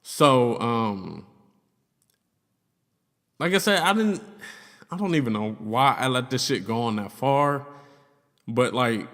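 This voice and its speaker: A man's voice: medium pitch, lively intonation, slow, pauses often, a bit bright. A young man telling a story in casual vlog style, loose and profane, full of "like" and "you know what I'm saying". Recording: long reverb in the room.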